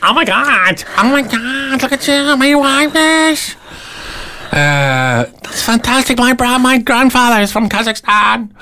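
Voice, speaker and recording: A man's voice: very high voice, animated, unhurried, voice pushed up, heavily acted. A man voicing a chatty female diner waitress in a put-on Boston accent, fussing over customers and calling them honey. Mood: gushing. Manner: doting, loud, calls everyone honey.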